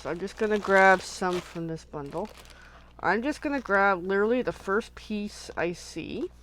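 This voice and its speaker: Woman, craft host, casual live chat, rambling, thinking aloud, mid pitch. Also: moderate pace, fairly bright tone, a little hiss or hum. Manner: chatty and rambling, thinks aloud while working.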